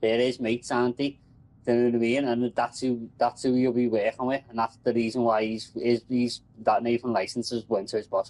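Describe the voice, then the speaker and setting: A man's voice: medium pitch, flat delivery, a little fast, darkish tone, low-quality recording. A man, a telecom engineer, rambling and swearing in casual chat about his work.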